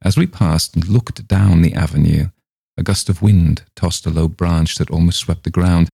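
Host reading fiction aloud, measured man, gravelly and dry. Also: low voice, fairly even intonation, dark tone, no echo. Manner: measured storytelling. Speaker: podcast host reading stories. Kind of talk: reading a short story aloud.

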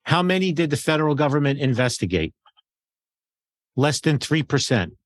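A man's voice: fairly high pitch, big pitch swings, no room sound. Gun dealer guy, plain matter-of-fact talk, dry close mic. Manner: matter-of-fact, quick agreements. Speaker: firearms dealer. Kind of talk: casual panel discussion.

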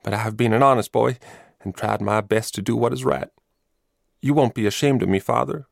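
This is an eager young drummer boy from a storybook, as a man puts him on. He speaks with earnest, hopeful warmth and a pleading edge. The voice keeps a touch of low gravel and sounds dry and close. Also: a little fast, no room sound, close to an everyday voice. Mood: tearful, pleading.

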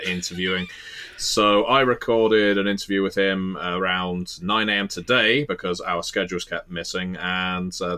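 A man with a Southern English accent hosts a casual podcast. His voice sits low, and he talks in a rambling, self-deprecating way, with plenty of "uh" and restarts. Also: pushed and bright. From England. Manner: chatty, self-deprecating, many filler restarts. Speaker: podcast host and interviewer.

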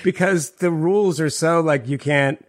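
A man co-hosting a podcast, chatting casually with quick, laughing, profane banter. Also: fairly high pitch. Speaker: podcast co-host. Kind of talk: casual chat.

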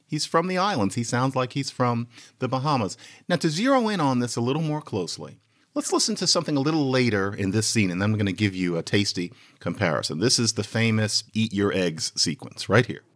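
A podcast host in lively, chatty commentary, explaining a point to listeners. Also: male voice, mid-range voice, a little fast. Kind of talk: lecture-style commentary.

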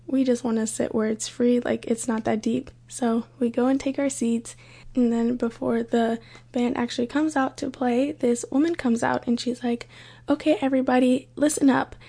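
A young woman hosts her own podcast and tells stories in a light, chatty, easygoing way. Her voice sits a little high and sounds husky and breathy, with some vocal fry at the ends of phrases. She speaks close to the mic. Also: steady tone, normal speed, mellow. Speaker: podcast host. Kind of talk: casual solo podcast storytelling.

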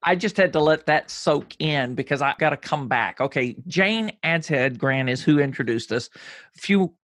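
A man hosts a podcast interview with a slightly higher voice, asking curious questions. He is deliberate and reflective in his phrasing. The sound is dry and close, with no room echo. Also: animated, a bit bright. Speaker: podcast host. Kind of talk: conversational interview.

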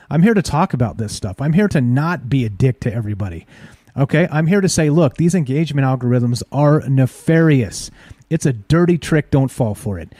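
A man's voice: on the high side, dark tone, no room sound, clean studio sound. A man hosting a late-night talk radio show, ranting in a monologue with many restarts and asides to listeners. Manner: ranting, repetitive restarts, asks listeners "all right?".

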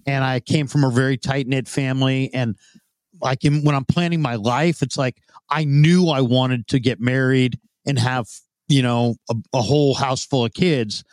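A man's voice: medium pitch, steady tone, moderate pace, dry recording. Fifty-something guy rambling through an old story, dry close sound, lots of restarts. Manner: rambling, with frequent restarts and fillers. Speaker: guest, former football scout turned radio host. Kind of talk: storytelling in an interview.

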